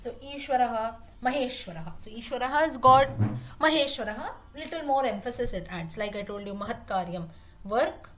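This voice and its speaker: Patient woman teaching a class. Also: on the high side. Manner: patient, repeats terms and pauses to rephrase. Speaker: Sanskrit teacher. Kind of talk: explaining word meanings in a class.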